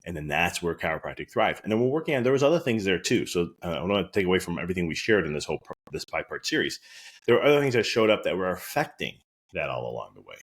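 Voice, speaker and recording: Quick, low-voiced male podcast host and chiropractor; anecdotal, earnest storyteller. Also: sing-song. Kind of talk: casual podcast monologue.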